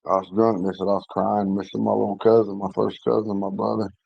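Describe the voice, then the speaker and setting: A man in his forties, slightly hoarse, telling a long personal story in a casual, rambling way, often restarting and clearing his throat. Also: lowish voice, little pitch movement, fast talker, no echo, highs cut off. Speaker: language class member telling a story.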